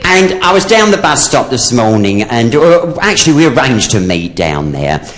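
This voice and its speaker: Camp, gossipy drag comedian. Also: male voice, medium pitch, very animated, normal speed, crowd noise. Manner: gossipy, camp, swoops between voices for punchlines. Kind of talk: stand-up comedy storytelling.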